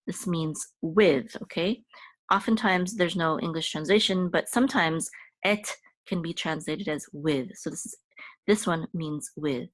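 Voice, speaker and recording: With a low, slightly bright voice and no room sound, a woman walks through a casual language lesson. She explains each step patiently, using frequent fillers and checking in often.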